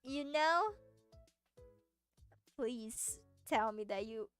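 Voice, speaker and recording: A woman with a high voice chats playfully on a livestream, giggling often and tripping over her own restarts. She talks at an unhurried pace. Soft music plays quietly behind her. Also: clear, resonant tone. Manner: playful, giggly, answers chat with stammering restarts. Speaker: streamer. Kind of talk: casual livestream chat.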